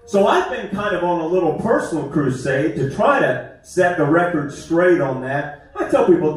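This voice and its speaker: A man's voice: on the high side, very animated, moderate pace, hardly any pauses. A man doing a self-deprecating, conversational stand-up comedy set on a theater stage. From West Virginia. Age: 50s. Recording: echoey theater from far off.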